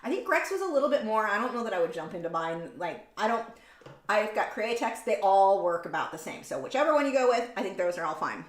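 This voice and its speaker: A woman's voice: medium pitch, big pitch swings, fast talker. A woman hosting a casual painting livestream, chatting in a rambling way and correcting herself mid-sentence. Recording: roomy room sound.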